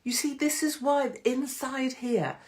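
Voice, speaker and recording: A woman's voice: high voice, a little slow, a little mellow. A middle-aged woman hosting a casual live-stream chat on her phone, teasing and greeting viewers by name. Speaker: host of a live online pub show. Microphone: phone livestream.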